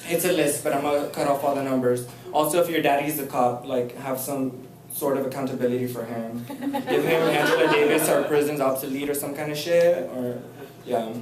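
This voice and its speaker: A young man giving a live poetry reading, reading his poems slowly and evenly and joking brashly with plenty of profanity between them. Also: mid-range voice, a crowd in the background. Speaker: poet reading at an event. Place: indoor reading event. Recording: echoey room from far off, noisy.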